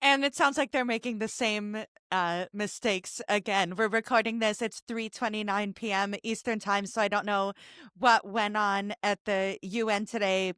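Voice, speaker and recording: A woman hosting a podcast, chatting casually and cracking quick jokes. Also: mid-range voice, a bit bright, clean tone, dry recording, clean studio sound. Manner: jokey, quick with pop-culture quips. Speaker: podcast host. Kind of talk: casual conversational interview.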